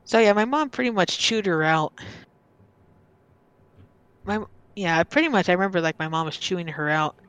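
A woman's voice: fairly low pitch, animated, normal speed, pauses often, a bit bright, clear, resonant tone, no room sound. A woman guest casually telling a true story from her childhood, rambling with lots of fillers and acting out what others said. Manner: rambling, filler-heavy, acts out quoted voices.

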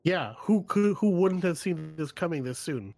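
A man's voice: a little high, expressive, moderate pace, a little mellow. A man co-hosting a casual gaming podcast, enthusiastic and a little rambling. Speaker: podcast co-host.

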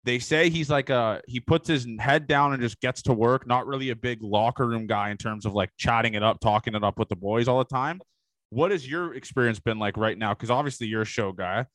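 A man's voice: medium pitch, a little fast, a bit bright, no room sound. A man hosting a casual interview, asking eager, rambling questions. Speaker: podcast host.

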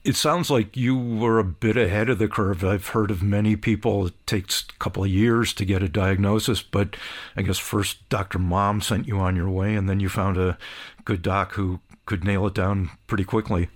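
A man calmly asking questions as a podcast interviewer. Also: lowish voice, moderate pace.

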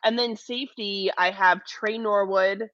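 A woman's voice: mid-range voice, fairly even intonation, unhurried, a bit bright, no echo, dull audio. A woman sports reporter, a guest on a casual podcast, chatting about football roster picks with self-deprecating humor and frequent ums.

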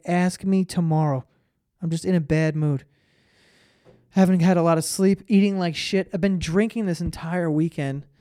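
A man's voice: a little high, a little mellow, clear, resonant tone, no echo, studio quality. A tired young man hosting a solo podcast, telling stories in a rambling, profane, self-interrupting way. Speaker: podcast host. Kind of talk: solo casual podcast monologue.

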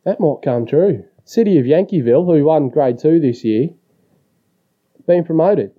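A man's voice: on the high side, animated, a little slow. An Australian man leaving a crude, teasing voicemail rant for a podcast, full of swearing. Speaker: voicemail caller. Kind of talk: rowdy profane voicemail rant. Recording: muffled voicemail audio.

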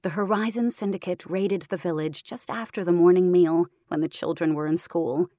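A woman narrating a story in a calm, measured, even reading, close to the mic. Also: on the low side, no room sound. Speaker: audiobook narrator. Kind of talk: scripted narration.

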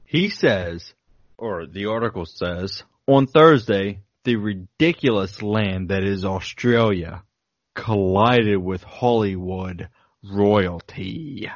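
A man's voice: fairly low pitch, takes it slowly, no room sound, dull audio. A man co-hosting a podcast in casual banter, joking and laughing as he reads from a list. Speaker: podcast co-host.

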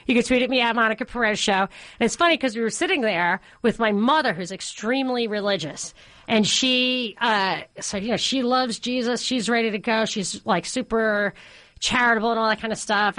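A woman hosting a talk radio show, her voice sitting a little high and sounding dry and close on a studio microphone. She chats along with quick asides and laughs often. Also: a bit bright, no room sound.

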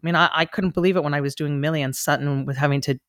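A woman with a low-sitting voice speaks at a racing pace with fairly even intonation, recorded in clean studio sound with no room noise. A stage actor and coach, she's a guest on a casual podcast, reflective and earnest, often restarting her sentences.

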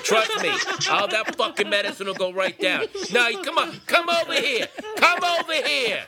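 A man's voice: high-pitched, huge pitch swings, moderate pace, vocal fry, a loud crowd, exaggerated voice. A man doing a pushy Boston tough-guy sweep. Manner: swaggering, profane, bossy.

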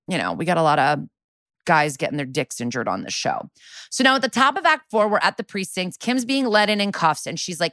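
Casting: woman podcast co-host, low-set voice, lively, profane recap storyteller, dry close mic. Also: brisk, no echo. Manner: lively storytelling, acts out quoted lines, swears freely. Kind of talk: casual TV episode recap.

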